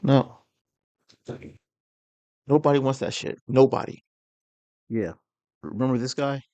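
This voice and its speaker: A man's voice: mid-range voice, takes it slowly, warm tone, lo-fi sound. A man delivering a rambling political rant to his audience, heated and full of slang and rhetorical questions. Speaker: online commentator.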